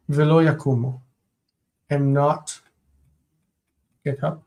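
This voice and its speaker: In poor audio, a medium-pitched, slightly mellow voice leads a live-streamed homework review of Biblical Hebrew. The teacher translates slowly and deliberately, phrase by phrase, fixing little errors along the way.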